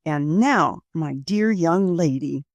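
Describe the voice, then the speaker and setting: A woman's voice: deep voice, lively intonation, slow, dry recording, lo-fi sound, heavily acted. A woman voicing a formal, genial middle-aged store manager in a storybook reading, with courteous phrasing.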